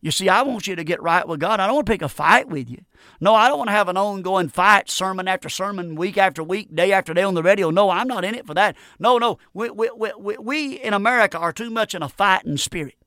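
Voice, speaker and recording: A man's voice: high-pitched, fast, bright, forceful tone, dry recording, studio quality. A middle-aged man preaching a radio sermon, fervent and repetitive, often adding amen.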